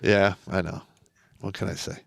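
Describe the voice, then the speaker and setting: A man's voice: sits low, little pitch movement, moderate pace, gravelly, dry recording, clean studio sound. A man hosting a casual talk show, blunt and profane, telling stories with plenty of swearing. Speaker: podcast host, veteran. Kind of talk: casual chat.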